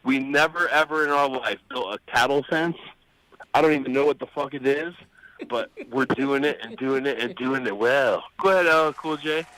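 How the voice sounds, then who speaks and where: A man's voice: mid-range voice, normal speed, fairly bright tone, poor audio. A man co-hosting a live radio show, telling a rambling, profane story and acting out the voices of the people in it. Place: radio studio.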